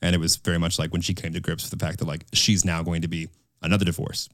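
A man's voice: low-pitched, level tone, fast, fairly bright tone, no room sound, studio quality. A young man co-hosting a podcast, telling a personal story candidly and emotionally with many restarts. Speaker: podcast co-host. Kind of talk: casual podcast chat.

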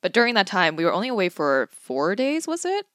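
A woman's voice: mid-range voice, big pitch swings, brisk, a bit bright, no echo. A young woman co-hosting a podcast, chatting expressively, laughing as she talks and mimicking others. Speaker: podcast co-host. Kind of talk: casual chat.

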